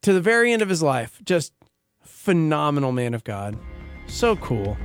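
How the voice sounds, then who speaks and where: Earnest radio host man, slightly high voice. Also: very animated, moderate pace, soft background music. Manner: earnest, enthusiastic. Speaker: radio morning show host. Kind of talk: casual radio chat.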